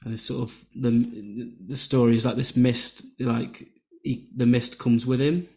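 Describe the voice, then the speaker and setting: A man's voice: mid-range voice, little pitch movement, a little slow, warm tone. A man guesting on a podcast, speaking in an easygoing way with many hesitations and fillers. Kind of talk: casual chat.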